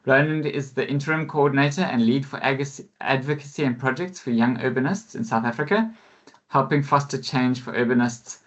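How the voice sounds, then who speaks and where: A man hosting an online webinar, introducing speakers in a measured, hesitant way over a video call. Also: mid-range voice, a bit bright, lo-fi sound. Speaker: webinar host, facilitator.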